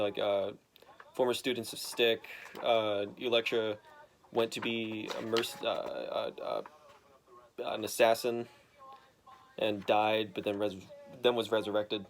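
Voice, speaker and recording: A young man casually retelling a comic book story to his dad, rambling with lots of fillers and quickly acting out characters' lines. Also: on the low side, fairly even intonation.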